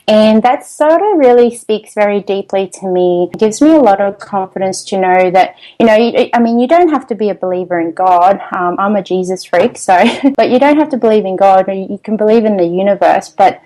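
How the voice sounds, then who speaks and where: Chatty Australian mum as interview guest, laughs easily, natural restarts. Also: female voice, medium pitch, animated, moderate pace, mellow, low-quality recording. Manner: chatty, laughs often, many ums and restarts. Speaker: podcast guest.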